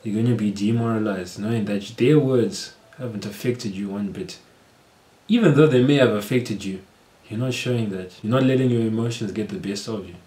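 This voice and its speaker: A man giving earnest, steady advice straight to his viewers in a vlog. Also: lowish voice, moderate pace. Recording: roomy echo.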